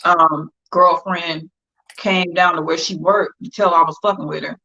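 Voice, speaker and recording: A woman's voice: fairly low pitch, fairly even intonation, unhurried, gravelly, sharp tone, slight background noise. A woman telling a story in casual chat on a livestream, blunt and profane. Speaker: guest. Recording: dull lo-fi livestream audio.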